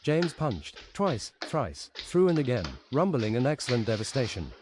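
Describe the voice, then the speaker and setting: A man streaming, reading a story aloud in a steady, deadpan way at his desk mic. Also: mid-range voice, normal speed, over music.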